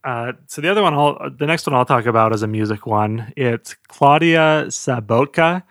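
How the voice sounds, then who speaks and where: Brief: male podcast co-host, easygoing mid-pitched voice, dry close mic. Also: normal speed, a bit bright, no echo. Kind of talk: casual chat.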